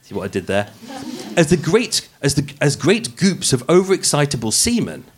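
A slightly high-voiced Englishman with a Birmingham accent hosts a live true-crime podcast in front of an audience, his pitch swinging widely at a moderate pace. He narrates with jokes, pokes fun at himself, and often trips over his words.

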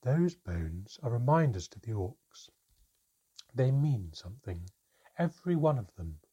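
A man voicing a calm, terse older female goblin who speaks slowly and quietly. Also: mid-range voice, breathy edge, muffled recording, voice pushed up, exaggerated voice. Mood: measured. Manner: slow, quiet and measured.

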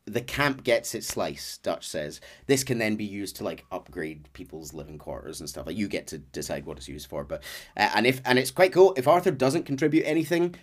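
With a fairly low voice that swings widely in pitch, a podcast host talks a little fast as he casually recaps a video game's story. He's chatty, dropping frequent fillers and laughing as he goes.

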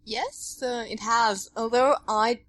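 A woman's voice: fairly high pitch, fairly even intonation, slow pace, a bit bright, no room sound, clean studio sound. A woman with an Italian accent co-hosting a casual podcast, chatty and playful. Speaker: podcast co-host.

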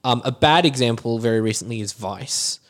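A man's voice: medium pitch, a little fast. Opinionated young man talking films. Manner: animated, opinionated, swears casually. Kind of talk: casual film discussion.

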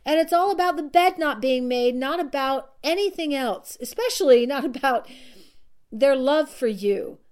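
A woman's voice: high-pitched, lively intonation, normal speed, darkish tone. A woman coach giving an earnest, repetitive self-help talk to her listeners, often laughing at herself.

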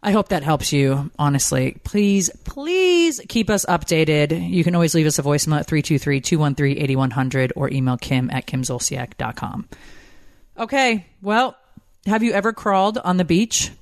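A woman in her forties co-hosting a casual chat show, telling stories in an animated, rambling way. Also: sits low, moderate pace, no echo, studio quality. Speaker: podcast co-host.

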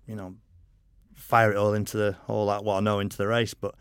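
A man's voice: on the low side, flat delivery, brisk, clear, resonant tone, no room sound. A middle-aged man, a motorcycle racer, telling long frank anecdotes in a casual podcast interview, peppered with "you know".

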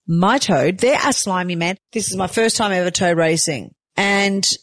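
A woman's voice: lowish voice, moderate pace, no room sound. A woman with an Australian accent, a reality show cast member talking candidly and emphatically in a confessional, with casual swearing.

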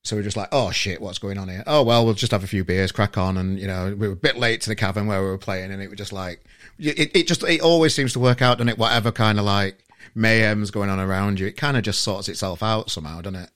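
Male podcast host, deepish voice, relaxed and chatty. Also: fast. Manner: easygoing, laughs along, prompts the guest. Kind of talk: casual interview chat.

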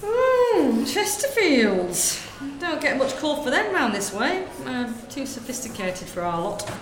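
A woman's voice: high voice, big pitch swings, a little slow, slight background noise, voice pushed up. A woman voicing a chatty, nosy middle-aged shopkeeper in a comedy sketch. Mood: gossipy. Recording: roomy room sound.

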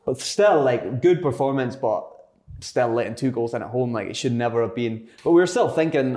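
A man, once a professional footballer, talks loosely about his playing days. He rambles and leans on filler words as he goes. His voice sits at an ordinary, middling pitch. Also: moderate pace, warm tone. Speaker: former footballer guest. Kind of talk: casual podcast conversation.

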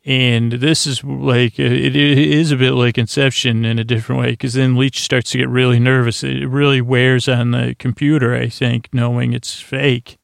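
A man's voice: medium pitch, little pitch movement, creaky, smooth, no echo, studio quality. A male podcast host giving a meandering episode recap for a sleep show, full of "uh" fillers and restarts. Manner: meandering, halting, full of "uh" fillers and self-corrections.

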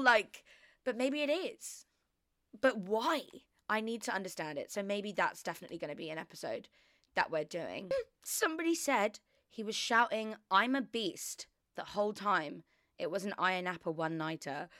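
A woman's voice: medium pitch, expressive, moderate pace, fairly bright tone, dry recording, studio quality. A young woman hosting a podcast, talking frankly and casually, often swearing and laughing. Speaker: podcast host. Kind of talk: casual solo podcast chat.

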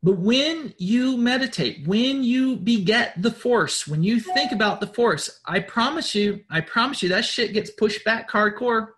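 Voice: mid-range voice, expressive, unhurried, hardly any pauses, a bit bright. A spiritual group leader giving an informal motivational talk, blunt and profane, repeating words, rambling and insistent as they urge listeners on.

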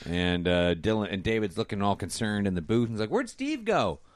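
A man hosting a casual comedic podcast, recapping a TV episode as an animated storyteller who slips into quick character voices. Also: fairly low pitch, clear, resonant tone, dry recording.

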